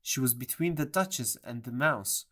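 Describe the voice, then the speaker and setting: A narrator reading a children's storybook audiobook in a plain, measured way. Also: medium pitch, expressive, fairly bright tone.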